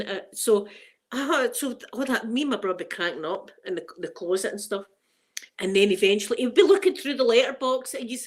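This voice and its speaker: A woman's voice: mid-range voice, fairly quick. A middle-aged woman with a Scottish accent, hosting a livestream and rambling through funny stories, laughing often. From Scotland. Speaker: livestream host. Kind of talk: casual storytelling chat.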